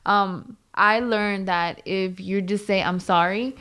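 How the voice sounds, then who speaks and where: A woman's voice: medium pitch, fairly even intonation, takes it slowly, a bit bright, clear, resonant tone. A woman guest on a podcast, speaking frankly and casually with slang and easy laughter. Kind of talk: casual chat.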